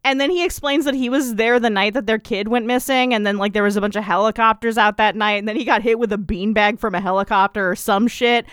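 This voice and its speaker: A woman's voice: on the high side, fairly even intonation, fast talker, hardly any pauses, fairly bright tone, smooth, no echo, clean studio sound. A young adult woman hosting a podcast, chatting casually and animatedly with lots of fillers and laughs. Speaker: podcast host. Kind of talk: casual chat.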